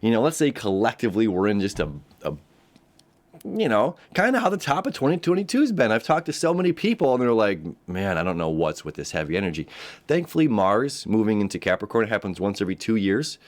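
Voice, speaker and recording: A man's voice: medium pitch, big pitch swings, a little fast. A man giving a casual spoken astrology forecast, rambling with frequent restarts and acting out quoted voices.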